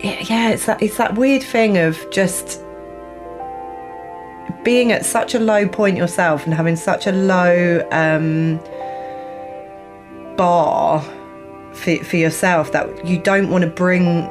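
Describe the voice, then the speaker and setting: Lady podcast host, lowish voice, chatty and laughy. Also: takes it slowly, pauses often, music in the background. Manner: animated, laughs often. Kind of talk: casual podcast conversation.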